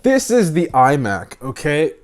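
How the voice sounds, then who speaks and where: Excitable man unboxing at night. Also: fairly high pitch, measured pace. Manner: excitable, bursts into loud exclamations between quieter asides. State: slightly out of breath. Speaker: tech unboxing vlogger. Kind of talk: casual late-night unboxing. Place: home room at night.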